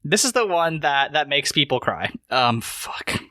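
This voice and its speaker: Bright-voiced man, casual podcast co-host. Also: a little high, sing-song. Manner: halting, many fillers and restarts. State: reacting to spicy heat. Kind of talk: casual chat while eating hot wings.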